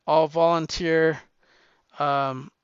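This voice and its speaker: A man's voice: on the high side, little pitch movement, extremely slow, clean tone, no echo, muffled recording. A man voicing a bossy, scheming young woman reporter in a mocking put-on voice. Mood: haughty.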